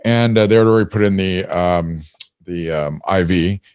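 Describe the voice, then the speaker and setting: Hoarse deep-voiced man, dry sound. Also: normal speed, darkish tone, dry recording. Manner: rambling storyteller with many fillers. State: hoarse after throat surgery. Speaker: podcast host. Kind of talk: casual chat.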